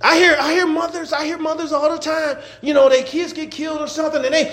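A man preaching a sermon as pastor, animated, laughing and shouting at times. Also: extremely high pitch, fast talker, hardly any pauses, echoey room. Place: church.

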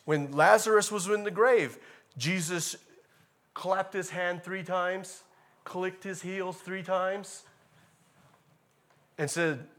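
A man preaching a sermon in a casual, animated way, repeating key phrases and rising to loud emphatic bursts. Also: fairly high pitch, takes it slowly. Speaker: pastor.

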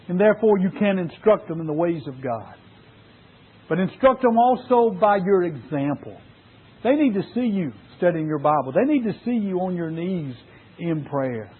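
A man's voice: high voice, breathy edge. A man preaching an earnest sermon to fathers, using emphatic repetition. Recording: tinny phone-like sound.

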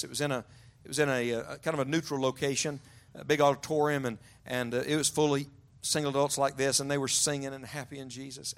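A man preaching a sermon to young adults, telling stories and often dropping to a hushed, low voice for emphasis. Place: large church auditorium.

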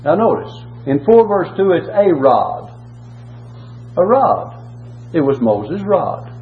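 A man's voice: on the high side, sing-song, slow pace. A man preaching a sermon and reading scripture, emphatic, repeating key words and asking rhetorical questions. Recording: tinny phone-like audio with faint hum.

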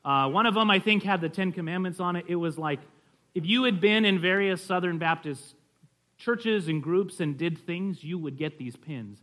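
A man's voice: sits high, moderate pace, sharp tone. A man teaching a class on church history in a conversational way, telling stories and often checking in with his listeners. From California.

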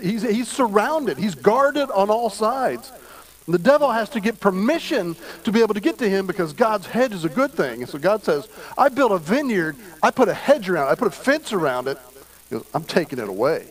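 A man's voice: sits high, poor audio. A man preaching a midweek sermon as pastor, folksy and storytelling.

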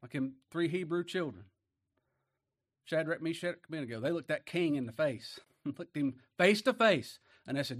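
A man preaching a sermon in a folksy way, asking rhetorical questions and swinging between loud declarations and low, quiet asides. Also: lively intonation, normal speed.

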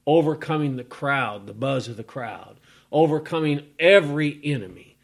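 A man preaching a sermon, reading scripture and building from hushed words to loud repeated phrases. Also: medium pitch, expressive, unhurried, gravelly.

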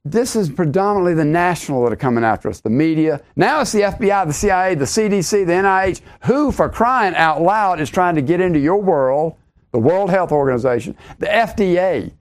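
An emphatic middle-aged man delivering a podcast sermon in a slightly higher-than-usual voice. He hammers points home by repeating lines and climbs in pitch when he exclaims. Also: expressive, fast talker. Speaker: preacher.

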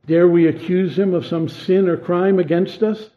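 A man preaching a sermon in an earnest way, asking pointed questions and then dropping his voice low. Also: fairly even intonation, normal speed. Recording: tinny phone-like sound.

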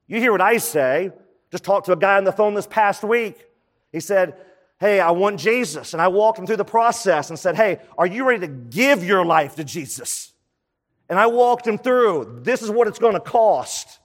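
An animated pastor delivers his sermon conversationally, voice sitting a little high, pausing for brief asides between points. The sound echoes with the long reverb of a big hall.

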